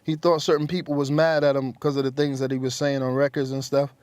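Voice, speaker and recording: A man being interviewed, telling an animated story in slangy, casual speech and acting out other people's voices. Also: medium pitch, fast talker, clean tone, no room sound.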